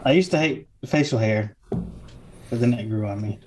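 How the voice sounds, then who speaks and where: A speaker telling dad jokes in a casual chat, delivering the punchlines in a flat, matter-of-fact way. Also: medium pitch, moderate pace, background noise. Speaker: joke teller in a try-not-to-laugh game. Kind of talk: casual joke swapping.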